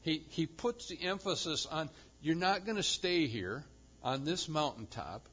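A male pastor preaching a sermon with emphasis, swinging from loud proclamation to quiet intensity. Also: a little high, lively intonation, unhurried, husky, lo-fi sound.

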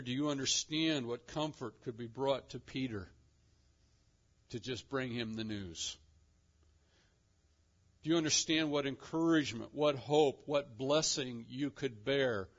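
A man preaching a sermon emphatically, asking his listeners rhetorical questions and swinging between loud and quiet. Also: medium pitch, measured pace. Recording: dull lo-fi recording.

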